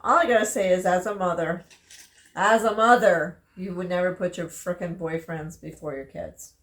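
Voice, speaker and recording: A frank, emphatic woman co-hosting a casual book chat. Her voice sits a little low, and the room around her sounds roomy and echoey. She keeps jumping in over her co-host. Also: steady tone, a little fast. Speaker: podcast co-host; mother. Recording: roomy echo.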